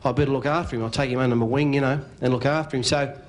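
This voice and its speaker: A man with an Australian accent telling a comic story at a club dinner, spinning a yarn with quick punchlines and doing the other man's lines. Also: medium pitch, fairly even intonation. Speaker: after-dinner speaker. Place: club function room.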